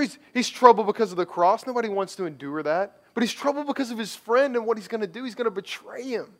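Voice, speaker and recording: A male pastor preaching a conversational sermon, slipping into the voices of people he quotes. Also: fairly high pitch.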